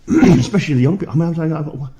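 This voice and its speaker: A middle-aged man preaching in a fiery rant, swinging from low muttering to shouted insults. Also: brisk, slightly rough.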